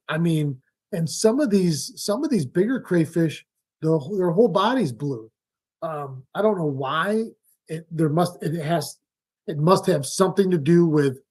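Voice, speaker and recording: A middle-aged man hosts a casual fishing live stream, reading out viewer comments and drifting into long, relaxed stories. His voice sits a little higher than most men's. He talks loosely, full of "um"s and restarts. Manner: relaxed rambling storyteller with frequent fillers and laughs. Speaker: fishing show host.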